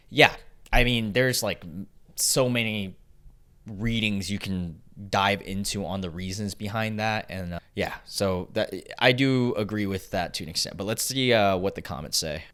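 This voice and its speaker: A young man hosting a casual reaction video, chatty and excitable, laughing often between lines. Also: fairly low pitch, clean tone. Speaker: YouTube host.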